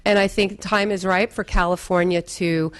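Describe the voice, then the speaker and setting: Measured woman giving testimony. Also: on the low side, fairly even intonation. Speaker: public commenter. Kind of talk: formal testimony.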